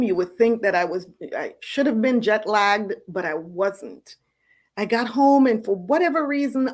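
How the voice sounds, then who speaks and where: A middle-aged woman host telling her personal faith story in an earnest, storytelling way, with soft laughs now and then. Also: medium pitch. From United States. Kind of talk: personal testimony.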